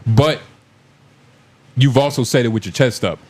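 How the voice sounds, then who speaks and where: A man's voice: medium pitch, measured pace. A man hosting a casual podcast, joking and riffing loosely with lots of fillers. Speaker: podcast host.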